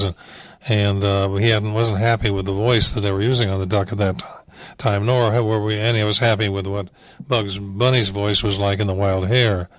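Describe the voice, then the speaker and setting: With a fairly low yet fairly bright voice, an older man who directed animation for years reminisces wryly and drily, wandering through anecdotes with frequent fillers and false starts. The low-quality recording has no room sound.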